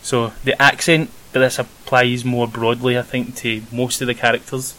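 A young Scottish man chatting casually about a film as a podcast co-host, rambling with many pauses and ums. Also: mid-range voice, level tone, sharp tone, rough recording. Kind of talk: casual film review chat. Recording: faint hiss.

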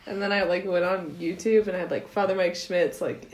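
A woman's voice: fairly low pitch, normal speed, hardly any pauses. A young woman co-hosting a casual podcast, chatty and upbeat, laughing often as she talks. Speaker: podcast co-host. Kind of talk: casual chat. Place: small office. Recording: roomy office sound, faint noise.

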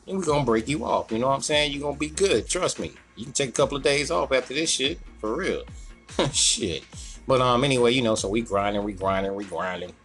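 A man telling a long, profane work story in casual chat. He acts out the other people in a higher voice. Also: a bit bright.

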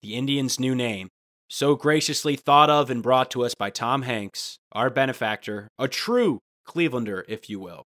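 A man's voice: medium pitch, lively intonation, moderate pace, fairly bright tone. A man from Ohio co-hosting a comedy podcast, ranting in a profane, sarcastic way. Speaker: podcast co-host. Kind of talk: casual comedic chat.

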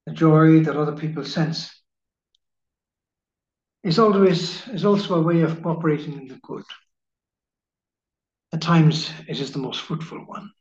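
Man, slightly high voice, measured spiritual reading, echoey room, dull lo-fi sound. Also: a little mellow. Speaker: preacher.

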